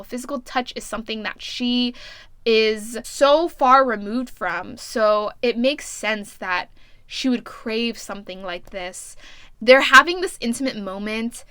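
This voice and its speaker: Bright, animated woman recapping a book. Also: fairly high pitch, clear, resonant tone, no echo. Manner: animated, profane and exasperated. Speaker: book reviewer. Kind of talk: casual plot recap.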